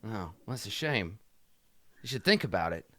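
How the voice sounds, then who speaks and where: A man's voice: lowish voice, big pitch swings, moderate pace, sharp tone. A man playing a blunt, ungrammatical male thug who lectures about workers' pay in a tabletop game. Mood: lecturing. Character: gruff male thug, pro-union, ungrammatical.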